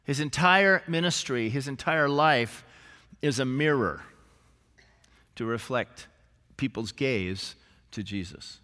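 Bright-voiced pastor preaching in a reverberant church. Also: male voice, medium pitch, slow, long pauses. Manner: animated preaching with humorous asides and acted quotes. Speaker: senior pastor. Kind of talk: sermon. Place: church sanctuary. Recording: live church recording with long hall reverb.

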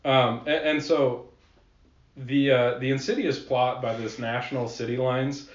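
A man's voice: medium pitch, flat delivery, a little slow, far from the mic. A man telling transit history on a casual podcast, rambling with fillers and the odd swear. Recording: echoey room, slightly dull sound.

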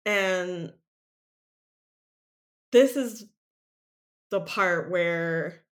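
A woman's voice: lowish voice, extremely slow. A woman co-hosting a podcast, casually recapping a TV episode with lots of "like" fillers and laughs. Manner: animated storytelling, many "like" fillers, frequent laughs. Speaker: podcast co-host.

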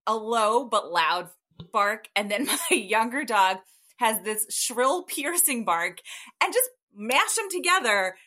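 Chatty woman with a bright voice. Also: fairly high pitch, lively intonation, slow. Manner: chatty, laughs often, rambling with fillers. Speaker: guest. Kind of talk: casual chat. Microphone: call audio.

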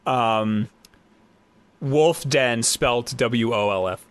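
A man's voice: mid-range voice, slow pace, smooth. Chatty podcast host man from Long Island. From Long Island, New York. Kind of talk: casual chat.

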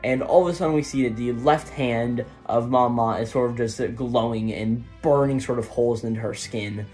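A man of middle pitch talks through a manga chapter in a loose, rambling way, full of fillers and tagged questions. His voice sits in a plain middle register. Faint music plays softly in the background. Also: normal speed. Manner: rambling, filler-heavy, tags lines with "right?". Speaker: manga reviewer. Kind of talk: casual chapter recap.

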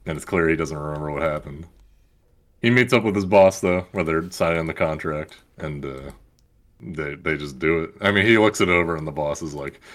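A young man casually recapping a film, animated, acting out the characters and laughing often. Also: low-pitched, fairly quick. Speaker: podcast host.

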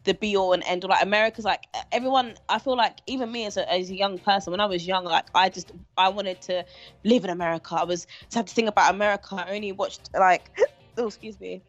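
A woman's voice: medium pitch, fast, highs cut off, soft background music. A woman from Britain, talking emphatically in casual podcast chat. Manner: animated, emphatic, laughs often.

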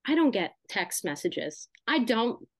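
A woman's voice: a little high, big pitch swings, a little slow, no echo. A young woman co-hosting a podcast, talking casually with lots of fillers and asides. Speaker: podcast co-host. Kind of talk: casual chat.

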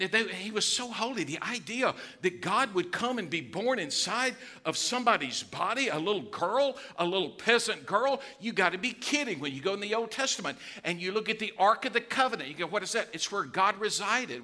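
A male pastor, preaching a sermon with animated storytelling and acted-out quotes. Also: high-pitched, fairly quick, few pauses.

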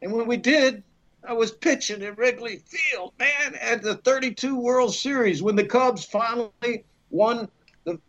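A middle-aged actor from Alabama telling rambling, animated stories in a podcast interview, acting out quotes with many fillers. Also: male voice, extremely high pitch, measured pace, lo-fi sound. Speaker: actor guest.

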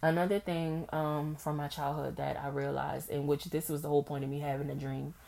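Low-voiced candid woman podcaster. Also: a little fast, gravelly. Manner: candid and expressive, acts out past conversations in a high voice. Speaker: podcast host. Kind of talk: casual solo podcast monologue.

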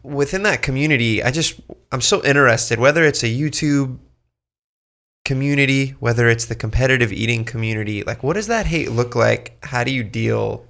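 A man's voice: mid-range voice, moderate pace, creaky, a bit bright. A man co-hosting a casual podcast, laid-back, curious and slangy in his questions. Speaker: podcast co-host.

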